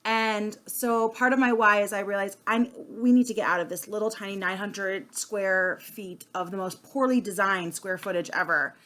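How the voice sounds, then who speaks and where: A woman's voice: mid-range voice, normal speed, hardly any pauses, a bit bright. A woman, talking earnestly and casually straight to camera, with plenty of fillers and restarts. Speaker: sales consultant vlogger. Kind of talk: unscripted casual monologue.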